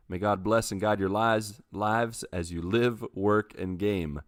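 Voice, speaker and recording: A man's voice: fairly low pitch, steady tone, unhurried, few pauses, dry recording, clean studio sound. A man hosting a casual podcast, delivering a rhythmic, blessing-like closing recitation. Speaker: podcast host. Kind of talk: casual podcast chat and scripted sign-off.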